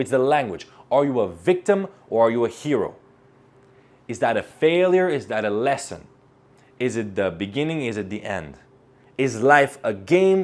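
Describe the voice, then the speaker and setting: A male speaking coach giving an energetic motivational talk to camera, emphatic and full of rhetorical questions. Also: medium pitch.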